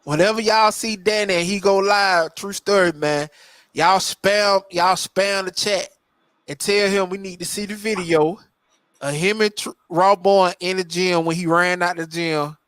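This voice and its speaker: A man's voice: high voice, fairly even intonation, unhurried, fairly bright tone, smooth, no room sound. A man hosting a podcast in casual, profane, laughing banter. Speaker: podcast host. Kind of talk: casual chat.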